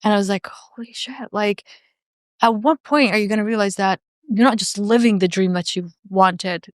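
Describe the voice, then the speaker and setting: A woman's voice: mid-range voice, moderate pace, dry recording, studio quality. A woman speaking as a podcast guest in a candid, earnest and reflective way, with frequent "like" fillers.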